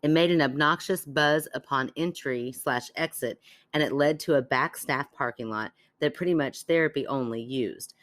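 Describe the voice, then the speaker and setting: Low-voiced woman podcast co-host. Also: moderate pace, a bit bright, no room sound. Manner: laughs easily, chatty and teasing. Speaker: podcast co-host reading a listener story. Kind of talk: casual chat and cold reading of a listener letter.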